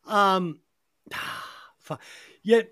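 A woman hosting a casual movie review podcast, talking in an animated, emphatic way with lots of swearing. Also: medium pitch, extremely slow. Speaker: podcast host.

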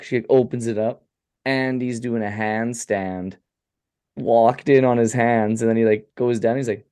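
A man's voice: mid-range voice, warm tone, clear, resonant tone. A man co-hosting a podcast, recapping a horror film in a loose, crude, joking way and briefly acting out the characters' lines. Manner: loose, crude storytelling with quick acted-out quotes. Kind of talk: casual profane film recap.

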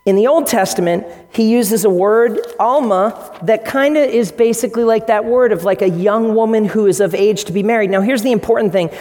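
A man preaching a sermon as pastor, energetic and playful, speaking directly to the congregation. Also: high-pitched, a little fast, hardly any pauses. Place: church sanctuary. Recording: long reverb of a large hall.

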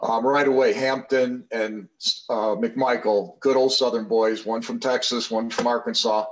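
An older man in his sixties sits in as a podcast guest and spins loose, rambling anecdotes, circling back with fillers and restarts. His mid-pitched voice comes through a slightly dull, lo-fi recording. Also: fairly even intonation, normal speed. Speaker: podcast guest, former football player. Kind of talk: casual storytelling interview.

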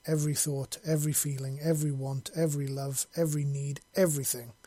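Guy reading as a broken, sorry alien judge, husky, begging, pretty flat. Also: on the high side, a little fast, dry recording, close to an everyday voice. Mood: remorseful. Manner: broken, pleading. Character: remorseful haunted male alien judge.

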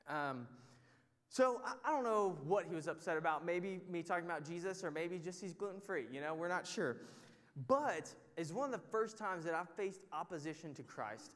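A man's voice: on the high side, a bit bright. A young man teaching a Bible study, telling a story in a casual, self-mocking way full of filler words. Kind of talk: storytelling sermon. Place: teaching to a group in a large room. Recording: long hall reverb.

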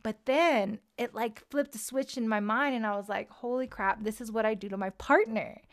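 Chatty woman, slightly high voice. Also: moderate pace. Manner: animated, confessional storytelling with many fillers. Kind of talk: casual chat.

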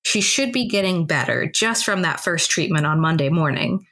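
A woman's voice: sits low, lively intonation, fairly bright tone. A woman co-hosting a podcast, telling a personal story in a casual, chatty way with lots of "like" fillers. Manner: fast conversational telling, many fillers like "like". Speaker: podcast co-host.

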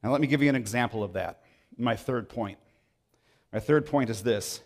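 A man's voice: medium pitch, normal speed. A man preaching a sermon as pastor, emphatic and repeating phrases for stress.

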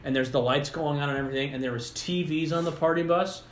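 A man's voice: on the high side, fast, a little hiss or hum. A young man co-hosting a podcast, rambling through a story with lots of fillers in casual chat. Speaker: podcast co-host. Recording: roomy echo.

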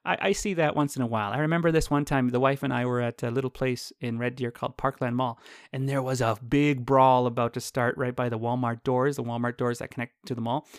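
A man's voice: mid-range voice, steady tone, a little fast, no room sound, clean studio sound. A man hosting a podcast from his home office, rambling and chatty and often correcting himself. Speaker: podcast host. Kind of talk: casual monologue.

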